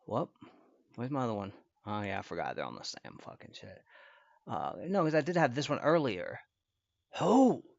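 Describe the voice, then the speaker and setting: A man rambles through a live-stream reaction, swearing freely and trash-talking as he goes. His voice sits at an average pitch for a man. The sound is dry and close, with a slightly muffled, dull desk mic. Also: sing-song, normal speed, creaky, no room sound. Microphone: computer mic at desk.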